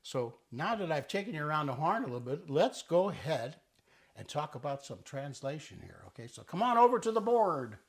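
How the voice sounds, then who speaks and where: A man's voice: a little high, big pitch swings, brisk. A man hosting a cooking show, chatting playfully and teaching Italian words as he cooks in a kitchen. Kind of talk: casual cooking demonstration. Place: kitchen with island and stovetop.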